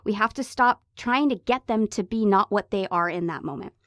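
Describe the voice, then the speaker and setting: Passionate woman podcast co-host in her thirties, emphatic, mid-pitched, dry close mic. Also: normal speed, a bit bright, dry recording. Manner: impassioned, emphatic, pleading. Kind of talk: casual podcast chat.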